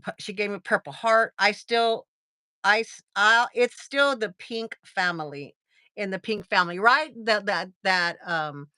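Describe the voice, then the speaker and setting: A woman's voice: medium pitch, a little slow, sharp tone, no echo, clean studio sound. A woman, chatting casually on a livestream, rambling with lots of fillers and gushing thanks. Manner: gushing and effusive when thanking viewers. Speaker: livestream host.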